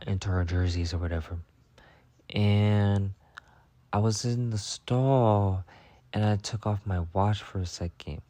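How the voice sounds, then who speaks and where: A man's voice: mid-range voice, mellow, no echo. A young man telling gossip stories in a casual, profane, dramatic monologue, full of "I'm like" retellings. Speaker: storyteller. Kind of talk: casual story-time monologue.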